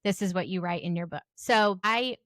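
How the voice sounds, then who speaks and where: A woman's voice: lowish voice, moderate pace, dry recording, studio quality. A woman hosting a podcast interview, affirming her guest and then sharing her own story. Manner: warm affirming listener, reads quotes from the guest's book. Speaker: podcast host and author. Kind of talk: casual interview.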